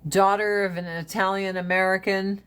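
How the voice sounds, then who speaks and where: Woman, casual livestream host on a phone, blunt, profane and animated. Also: mid-range voice, moderate pace, smooth.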